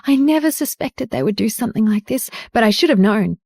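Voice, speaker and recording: A woman's voice: fairly high pitch, expressive, brisk, gravelly, a little mellow, dry recording, studio quality. A woman voicing a hurt young heroine speaking her rueful inner thoughts.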